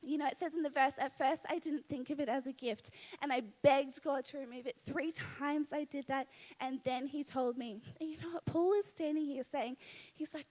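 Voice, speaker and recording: A woman's voice: high voice, moderate pace, a little mellow. A young Australian woman, pregnant, preaching at a live church service on a stage mic, earnest and conversational with frequent "you know what" asides.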